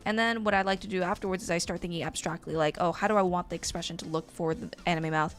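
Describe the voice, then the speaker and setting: A woman's voice: on the low side, steady tone, fast, faint music behind. A woman teaching a live-stream drawing lesson, chatty and rambling with lots of fillers. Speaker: art teacher.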